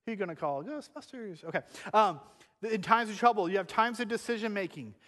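A man in his thirties preaching a sermon in a church, animated and shifting between hushed and loud delivery. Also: high-pitched, quick pace, long reverb tail. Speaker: pastor. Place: church sanctuary.

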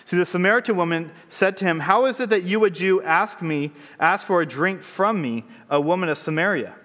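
This pastor has a high, slightly bright voice and a brisk delivery. He reads a scripture passage aloud, then breaks it down with rhetorical questions and conversational asides, and the sound echoes with long hall reverb.

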